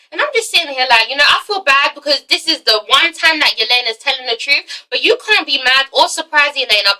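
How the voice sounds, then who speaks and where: Young woman gushing about a tv episode, high bright voice, a bit far from the mic. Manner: animated, giggly, slips into dramatic character voices. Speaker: TV episode reviewer. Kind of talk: excited casual recap with acted-out quotes.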